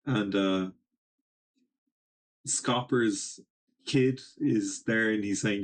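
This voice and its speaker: A man's voice: lowish voice, slow pace, long pauses. A young man casually reading and recapping a comic, rambling with many ums and little laughs. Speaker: manga reaction streamer.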